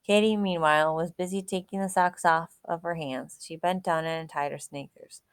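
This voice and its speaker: A woman narrates a children's chapter book in a clear, even reading voice. Her pitch sits a little low, and the close mic gives a dry sound. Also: normal speed, dry recording. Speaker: audiobook narrator. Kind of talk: scripted storybook narration.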